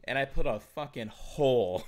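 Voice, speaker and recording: A podcast co-host telling a loud story with crude language and laughs. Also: mid-range voice, expressive, moderate pace, a little hiss or hum. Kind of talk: casual chat, storytelling.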